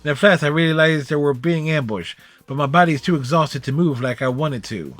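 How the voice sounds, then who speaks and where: A man's voice: a little high, normal speed, fairly bright tone, dry recording, faint music behind. A man streaming a game, reading its story text aloud in the first person with small slips.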